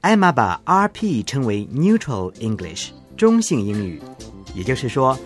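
A man's voice: medium pitch, huge pitch swings, a little slow, faint music behind. A man co-presenting a language programme, asking curious questions and summing up for learners. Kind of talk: scripted educational presenting.

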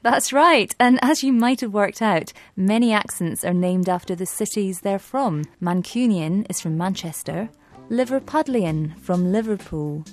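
Clear-spoken woman presenter. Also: medium pitch, lively intonation, unhurried, a little mellow, soft background music. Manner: clear, friendly and explanatory. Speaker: language programme presenter. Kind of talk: scripted educational presenting.

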